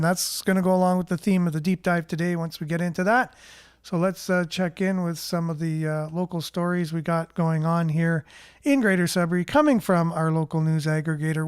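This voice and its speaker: The host of a local news show, a man with a high, smooth voice, runs a casual news roundup in a relaxed, rambling way and reads out viewer comments. The recording is close and dry, with no room sound.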